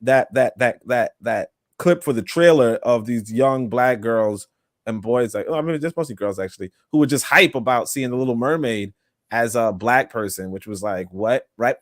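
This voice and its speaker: A man's voice: medium pitch, moderate pace, no room sound, studio quality. A man hosting a livestream podcast, talking in a loose, rambling way with many fillers and asides. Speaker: podcast host. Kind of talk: casual livestream talk.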